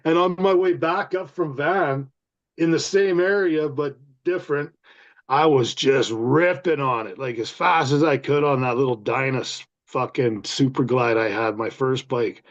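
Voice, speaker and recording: A man's voice: mid-range voice, a little slow. A Canadian man hosting a casual chat, telling profane biker road stories. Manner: profane, storytelling. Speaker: podcast host. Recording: dull lo-fi sound.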